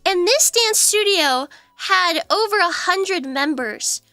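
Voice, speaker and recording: A woman's voice: very high-pitched, lively intonation, takes it slowly, bright, forceful tone, no echo, soft background music. A young woman streamer chatting casually, telling stories with lots of laughs and fillers. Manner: chatty storyteller who laughs often and fills with "like". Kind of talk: casual livestream chat.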